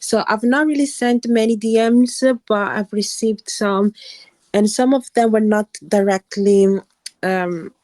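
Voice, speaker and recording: A woman's voice: mid-range voice, darkish tone, dry recording. British woman calling in from Cambridge. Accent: British English, Cambridge area. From England. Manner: measured, thoughtful, with many restarts. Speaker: nurse, caller in an audio chat room. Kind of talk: casual chat. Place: home, remote audio chat call.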